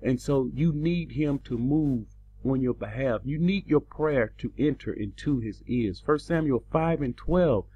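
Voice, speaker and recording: A man delivering a teaching sermon, slow and emphatic, his pitch rising on the words he stresses. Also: breathy edge, muffled recording. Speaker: preacher.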